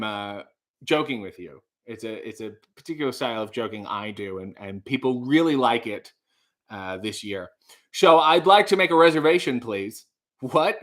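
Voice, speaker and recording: A man's voice: medium pitch, natural voice. A man playing a dry, sarcastic caller trying to book a table over the phone. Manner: deadpan, sarcastic. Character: sarcastic dry-witted man phoning a restaurant.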